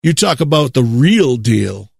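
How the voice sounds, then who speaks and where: A man from the United States preaching a monologue, leaning hard on drawn-out stresses and repeating words for effect. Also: medium pitch, big pitch swings, gravelly, husky, no echo, studio quality.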